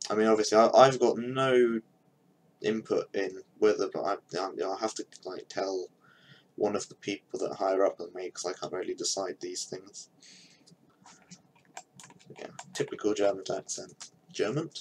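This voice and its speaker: A man's voice: fairly low pitch, normal speed, a little hiss or hum, low-quality recording. A young man thinking aloud in casual commentary while he builds a game map on a live stream, with mumbled asides as he works.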